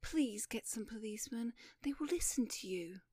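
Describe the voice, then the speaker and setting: A woman voicing a frightened young foreign lady in a breathy, pleading whisper. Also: on the high side, animated, normal speed, mellow, dry recording, clean studio sound.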